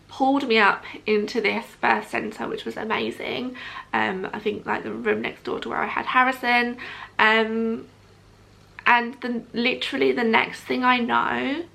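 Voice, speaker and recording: A woman's voice: a little high, steady tone, normal speed, vocal fry, fairly bright tone. A young adult woman telling a personal story to camera in a chatty, casual way, with frequent ums, often quoting what others said. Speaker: vlogger.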